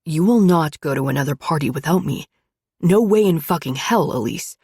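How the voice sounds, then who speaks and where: A woman voicing a brooding, possessive young man who talks in a low, gruff mumble. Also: animated, normal speed, warm tone, no echo, clean studio sound.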